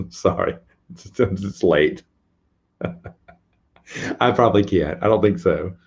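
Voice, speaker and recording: A man's voice: low voice, takes it slowly, creaky, lo-fi sound. A man hosting a casual late-night live stream, chatting with viewers in a rambling, self-deprecating way and laughing often. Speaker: host answering viewers' questions.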